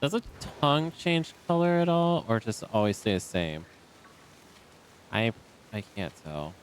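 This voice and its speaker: A man's voice: on the low side, very animated, a little slow, slight background noise. A man streaming a video game, chatting casually and rambling with many ums into a desk microphone. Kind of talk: casual live-stream chat. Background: faint game music.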